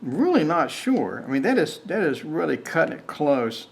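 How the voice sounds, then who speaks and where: A man's voice: fairly high pitch, big pitch swings, moderate pace, gravelly. A man playing a board game alone on camera, reading cards aloud, counting and grumbling about bad luck. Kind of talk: solo playthrough commentary.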